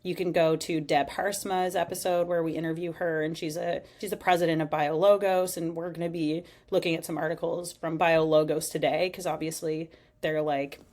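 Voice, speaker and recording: A woman co-hosting a casual podcast, chatty and animated, laughing often. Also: low voice, normal speed, hardly any pauses. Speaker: podcast co-host.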